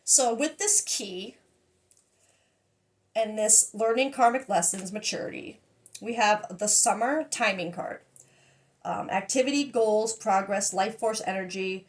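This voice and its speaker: A woman giving a casual tarot reading, excitable and emotional, often laughing and trailing off mid-sentence. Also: mid-range voice, a little slow. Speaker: tarot reader.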